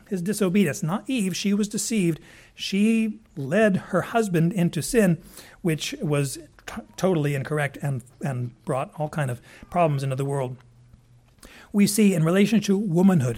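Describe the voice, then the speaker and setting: A man teaches a passage like a sermon in a loose, conversational way, going back over words and adding asides. His voice sits a little high for a man. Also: darkish tone. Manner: conversational, with frequent restarts and asides. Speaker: preacher.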